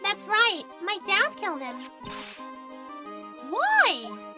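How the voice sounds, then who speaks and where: A woman's voice: extremely high pitch, wildly swooping pitch, drawn-out words, pitched above the performer's own voice, exaggerated voice. A woman doing a sweet, gushing circus girl. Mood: sweet, bubbly. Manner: gushing, naive. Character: sweet bubbly young female circus performer. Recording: game music behind.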